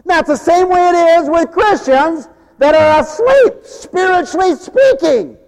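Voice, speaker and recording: A man preaching a sermon in an animated way, swinging from loud bursts to low mumbles. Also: measured pace, long reverb tail.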